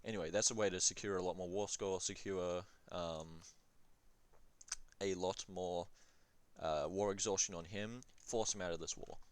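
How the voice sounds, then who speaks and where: A man's voice: deep voice, fairly even intonation, normal speed, clean tone. Profane young man giving game advice. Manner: profane, joking, trails off with ums. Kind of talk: casual rambling game commentary.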